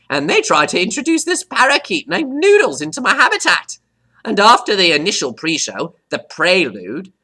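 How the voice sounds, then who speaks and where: A man voicing a cocky, hot-tempered male pet parrot who teaches vocabulary, boasting and stopping to define words, with squawky high jumps on "right?". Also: pushed and bright, heavily acted. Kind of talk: scripted vocabulary lesson.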